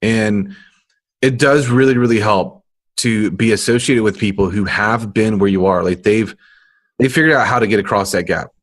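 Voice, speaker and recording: A man with a fairly low voice co-hosts a business podcast. He talks in a relaxed, conversational way, with easy banter. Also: normal speed. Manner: easygoing, teasing banter. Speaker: podcast co-host. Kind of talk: casual business podcast chat.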